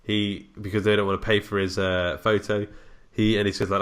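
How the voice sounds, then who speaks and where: Low-voiced man chatting casually. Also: brisk. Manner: relaxed, rambling, laughs often. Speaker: podcast co-host. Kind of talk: casual film chat.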